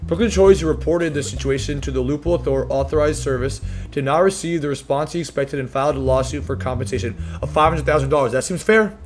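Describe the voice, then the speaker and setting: A man streaming a video game, reading and reacting in a loud, slangy, profane and excitable way. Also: on the high side, quick pace, few pauses, soft background music. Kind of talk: casual gameplay commentary.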